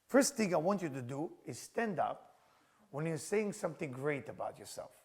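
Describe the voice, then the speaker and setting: A man who is a rabbi and teacher, leading a group through an interactive workshop lesson as an animated storyteller who laughs often. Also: fairly high pitch, moderate pace, husky. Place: class or workshop room with a group.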